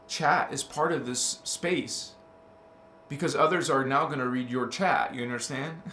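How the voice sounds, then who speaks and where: A man with a notably high voice hosts a casual spiritual livestream from an indoor room, chatty and emphatic. He calls his listeners honey and baby, laughs often and reads their chat aloud. The sound is roomy, with a clear echo around him. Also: fairly bright tone, a little hiss or hum.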